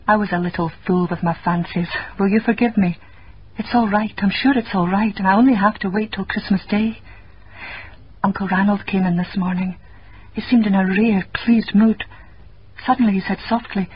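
An actress plays an anxious, earnest young woman in a radio drama. Her voice is set at a middle pitch and comes through a muffled old recording with a faint hiss. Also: close to an everyday voice. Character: worried young Scottish woman, Christine.

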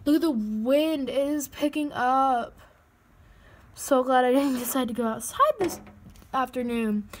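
A teenage girl vlogs from home on a handheld phone. Her voice sits high, and she sounds frightened and jittery, slipping into breathy asides. Faint ambient noise sits behind her. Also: measured pace. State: frightened and shaking. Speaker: vlogger. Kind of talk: casual vlog. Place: indoors at home by a window.

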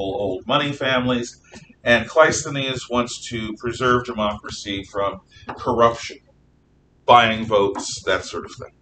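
A man teaching a history class, lecturing in a lively, opinionated way and sometimes spelling words out slowly. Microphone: distant room mic. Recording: echoey classroom from far off with faint rumble.

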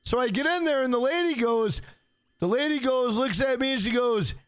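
A man streaming a video game live, swearing freely and loudly hyping up his donors. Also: extremely high pitch, moderate pace, clean tone, no room sound, studio quality. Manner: profane, hyped, shouts out donors. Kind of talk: live gameplay stream chat.

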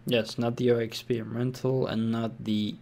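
A man's voice: mid-range voice, level tone, normal speed, creaky, dark tone. A young man casually commenting over his own tank game replay, thinking aloud with fillers and restarts. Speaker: gameplay commentator.

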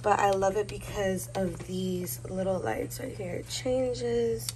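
A woman's voice: medium pitch, takes it slowly, noisy background. Chatty pregnant woman showing a nursery. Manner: chatty, self-correcting, gushing. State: heavily pregnant, a bit out of breath. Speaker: vlogger. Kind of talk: casual room tour. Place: baby's room at home.

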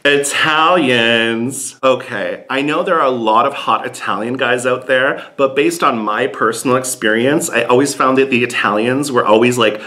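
Brief: male comedian, sassy and campy, blunt delivery, bright and forceful tone. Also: mid-range voice, moderate pace, hardly any pauses. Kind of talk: comedic monologue.

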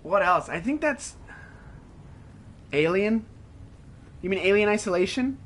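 A man's voice: sits high, expressive, a little slow, fairly bright tone, slight background noise. A man live-streaming a game, chatting casually with his viewers, rambling, laughing and swearing, with "like" in almost every sentence. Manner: rambling, swears a lot, laughs often, says "like" constantly. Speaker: gaming streamer.

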